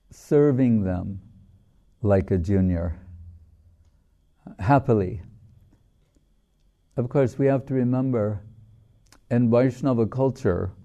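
An older man speaks slowly and thoughtfully, giving a devotional teaching with long pauses between phrases. His voice is gravelly and very dark, and it sits low. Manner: slow and reflective, with long pauses. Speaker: spiritual teacher. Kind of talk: devotional talk with chanted prayers.

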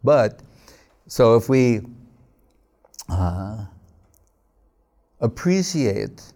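A man giving an unhurried devotional sermon, telling stories, quoting scripture and checking in with "right?". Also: fairly low pitch, creaky, warm tone. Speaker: speaker at a devotional gathering.

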